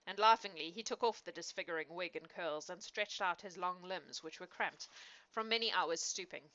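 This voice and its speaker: Brief: woman audiobook narrator, low bright voice, expressive, dull lo-fi recording. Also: normal speed. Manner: expressive storytelling. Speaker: audiobook reader.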